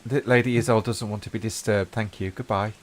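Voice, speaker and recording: A man voicing a timid, mousy young woman who apologizes quietly and stammers in a tabletop game. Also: on the low side, steady tone, a little fast, close to an everyday voice. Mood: nervous.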